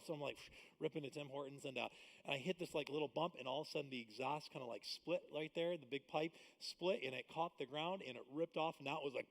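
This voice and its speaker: A man preaching a live church sermon, swinging between loud emphatic bursts and hushed asides. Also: on the high side, fast. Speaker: pastor. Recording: long hall reverb.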